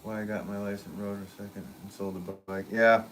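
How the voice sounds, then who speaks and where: A man, a potter, chatting casually on a livestream and reading out viewer comments, relaxed and joking, with frequent chuckles. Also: on the low side, a little fast, a little hiss or hum. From northwest Connecticut. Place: pottery studio.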